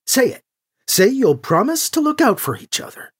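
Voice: medium pitch, very animated, moderate pace, slightly rough, pitched above the performer's own voice. A narrator voicing a stern but loving aunt in a spoken story.

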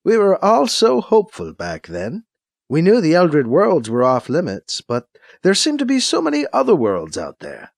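A man's voice: on the high side, huge pitch swings, moderate pace, gravelly, dry recording, studio quality, full character voice. A man reading an audiobook, voicing a solemn older woman who was once a leader, guarded and sighing. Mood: wistful. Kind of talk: audiobook character voice.

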